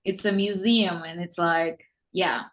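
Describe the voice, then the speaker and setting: A woman's voice: on the low side, steady tone, a little slow. A woman hosting an English-learning interview, chatting in a friendly, agreeable way. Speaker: host, English teacher. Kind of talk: casual interview chat.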